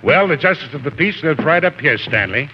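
A man's voice: a little high, expressive, fairly quick, soft background music, natural voice. An actor playing a pompous, bossy man exasperated by his bumbling friend, in 1930s radio comedy. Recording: dull, lo-fi old radio recording.

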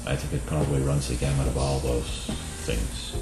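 A man giving a reflective, measured answer in a documentary interview. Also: rumbling low, flat delivery. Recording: echoey room with clear music behind.

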